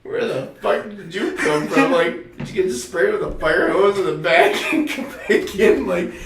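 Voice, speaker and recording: A man's voice: high-pitched, unhurried, gravelly. A young man co-hosting a casual podcast, telling stories with lots of fillers and laughter. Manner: laughing storyteller, many fillers. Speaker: podcast co-host. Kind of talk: casual chat. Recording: echoey room with crowd noise.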